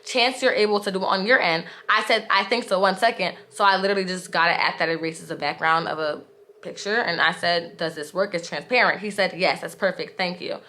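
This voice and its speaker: A woman's voice: lowish voice, brisk, pushed and bright. A young woman telling a storytime vlog, candid and exasperated, with frequent "like" fillers. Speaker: vlogger.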